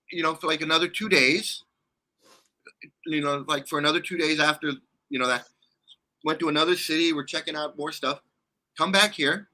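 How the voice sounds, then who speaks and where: A man's voice: a little high, sharp tone. A middle-aged man telling a rambling travel story in casual chat, laughing often and restarting his sentences.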